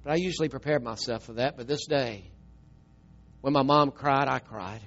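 A middle-aged man, preaching a storytelling sermon and swinging from emphatic, loud telling to a soft, tearful hush. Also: medium pitch, moderate pace, dull audio.

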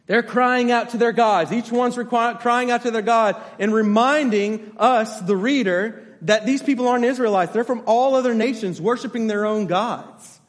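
Man, pastor, sermon, high voice, long hall reverb, emphatic repetition. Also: normal speed, few pauses. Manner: emphatic, repeats key phrases, checks in with congregation.

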